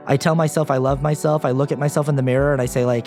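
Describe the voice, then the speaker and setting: A man's voice: medium pitch, steady tone, very fast, a little mellow, soft background music. Earnest self-deprecating young man. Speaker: guest. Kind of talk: candid personal interview talk.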